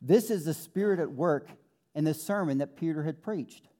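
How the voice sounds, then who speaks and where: A man preaching a sermon in an earnest manner, slowing down to quote scripture and building up with fervor. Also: fairly high pitch, dark tone. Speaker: pastor.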